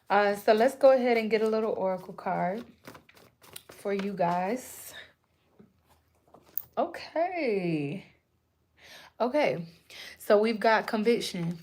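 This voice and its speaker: A young woman giving a live channeled spiritual reading to her viewers, speaking in a casual, slangy, animated way. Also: mid-range voice, measured pace, pauses often, a little hiss or hum. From Puerto Rican and Native American roots. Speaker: spiritual reader. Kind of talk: live-streamed channeled message.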